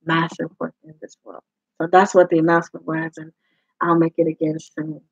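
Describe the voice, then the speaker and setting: A woman's voice: sits low, level tone, a little fast, husky, dry recording. A woman life coach speaking to her group in a live talk, emphatic and repeating her phrases for weight. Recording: dull lo-fi sound.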